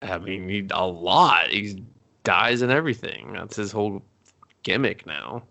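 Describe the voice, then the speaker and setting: A man's voice: sits low, gravelly, sharp tone. A man co-hosting a casual movie review podcast, joking and swearing freely as he talks. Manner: joking, swears freely, slips into quick mock voices.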